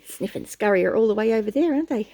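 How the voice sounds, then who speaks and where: A woman reading a picture book aloud to children in an animated way, often pausing to ask the listener questions. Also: medium pitch. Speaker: storyteller.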